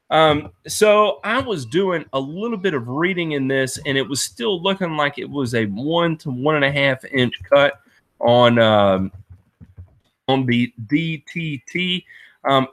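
Bright-voiced man hosting a chatty lawn show. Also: mid-range voice. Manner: chatty and self-deprecating, many fillers. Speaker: lawn care show host answering viewer chat. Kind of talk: casual live-stream chat. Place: Knoxville area.

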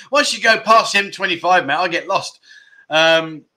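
Bright-voiced man hosting a chatty livestream. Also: sits high, a little slow. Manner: chatty, jokey, greets viewers warmly by name. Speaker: livestream host. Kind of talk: casual live chat, reading viewer comments.

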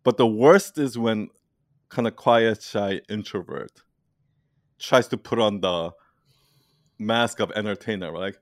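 A man leading an online community, talking casually in an animated, rambling way and laughing often. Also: fairly low pitch, a little slow, long pauses, no echo, studio quality. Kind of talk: casual conversation.

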